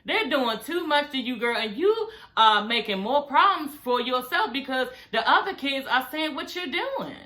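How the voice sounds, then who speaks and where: Sassy, animated woman vlogger. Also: high voice, normal speed, hardly any pauses. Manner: sassy, animated, profane, talks straight to viewers. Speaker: vlogger recapping a reality show. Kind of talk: casual gossip recap. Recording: echoey room.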